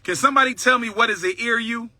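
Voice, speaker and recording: A man's voice: very high voice, fast talker, bright, forceful tone, no room sound. A man hosting a livestream, talking boldly and boastfully in a preaching cadence and repeating his lines for emphasis. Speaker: livestream host. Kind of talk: livestream talk.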